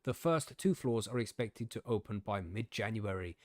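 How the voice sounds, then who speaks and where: A man's voice: lowish voice, lively intonation, normal speed, dry recording, studio quality. Chatty swearing podcast host man. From United Kingdom. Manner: swearing, laughing, gobby storytelling. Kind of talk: casual chat, reading news aloud.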